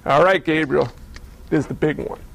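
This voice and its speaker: A man voicing God as a calm, amused figure who answers in short, matter-of-fact replies. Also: a little high, normal speed, gravelly, voice pushed down, rough recording.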